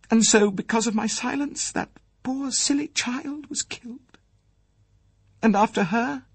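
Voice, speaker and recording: A man doing a hoarse, grieving old English lady. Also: very high-pitched, no echo, pitched above the performer's own voice, exaggerated voice. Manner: formal, remote, trembling with emotion. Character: elderly proud English lady, grief-stricken mother. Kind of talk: audiobook character reading.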